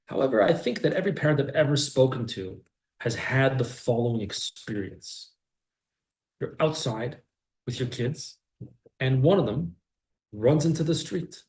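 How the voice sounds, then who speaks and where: A man teaching a class, acting out little scenes in an animated way. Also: mid-range voice, normal speed. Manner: animated, acts out scenes with shifts of voice. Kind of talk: lively class lecture with acted voices. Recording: echoey room.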